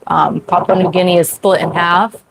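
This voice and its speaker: A young woman hosting a casual livestream from her sailboat at sea, chatty, full of "like" fillers and quick laughs. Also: fairly low pitch, little pitch movement, gravelly, background noise. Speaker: sailing livestream host. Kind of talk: casual livestream chat with viewers.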